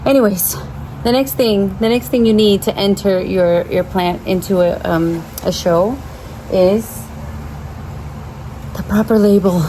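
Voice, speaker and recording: A woman talks about her orchids to camera outdoors beside her backyard pergola, rambling casually and startling easily. Her medium-pitched voice has a dark tone and fairly even intonation, and she's unhurried, with clear background noise around her.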